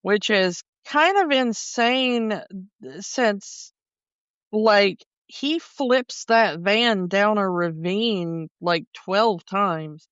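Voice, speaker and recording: Woman, podcast co-host, smooth and clear, dry close sound, slightly dull audio, chatty storyteller. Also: medium pitch, drawn-out words, fairly bright tone, dry recording. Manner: chatty, recounts scenes by acting out lines. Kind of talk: casual chat.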